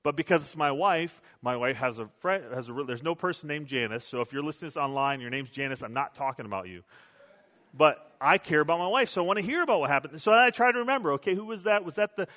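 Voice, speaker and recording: Guy pastor giving a sermon, kinda high voice, joking about himself, church echo all around. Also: lively intonation, quick pace, bright, forceful tone. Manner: conversational, self-deprecating storytelling.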